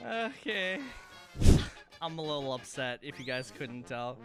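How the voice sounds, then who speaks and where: A man's voice: fairly high pitch, animated, a little slow, sharp tone, soft background music. A young man streaming a game, yelping, swearing and breaking into shrieking laughter as things go wrong. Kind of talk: gaming stream chat.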